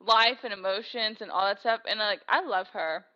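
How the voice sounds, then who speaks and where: Young woman gushing on a podcast, bright tense voice, kinda dull lo-fi sound. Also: medium pitch, moderate pace, slight background noise. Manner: gushing, emotional, many "like"s. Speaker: podcast co-host. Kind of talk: casual chat.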